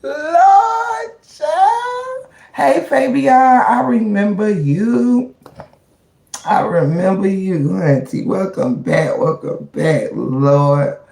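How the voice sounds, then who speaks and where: A woman's voice: medium pitch, lively intonation, slow pace, gravelly, dark tone, echoey room. A woman hosting a casual livestream, slangy and preachy, often exclaiming "child" and "Lord". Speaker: livestream host.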